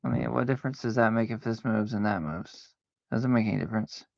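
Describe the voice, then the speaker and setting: A lowish, creaky, slightly mellow male voice moves briskly through casual solitaire-stream commentary, full of self-argument and fake-scared outbursts. The audio is dull and lo-fi, dry with no echo.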